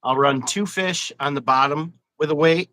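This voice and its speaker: A man's voice: on the high side, normal speed, pushed and bright, rough recording. A man hosting a casual fishing livestream interview, chatty and rambling, laughing often. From Wisconsin. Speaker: host.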